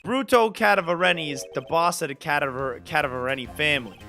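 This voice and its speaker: A man voicing a gruff, streetwise male police detective who talks bluntly in a folksy way, read from a video game. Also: fairly high pitch, fast talker, pushed and bright, soft background music. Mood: gruff warning. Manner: blunt, folksy, calls people pal.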